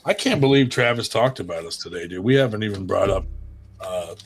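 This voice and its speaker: A man's voice: on the low side, animated, fairly quick, gravelly, slight background noise. Man, co-host, casual live-stream banter, crude jokes, rambling.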